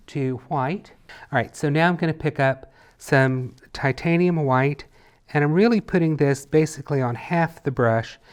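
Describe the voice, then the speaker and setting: A man teaching a painting lesson in a relaxed tutorial, chatty and playful as he talks while he works. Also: medium pitch, smooth. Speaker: painting instructor.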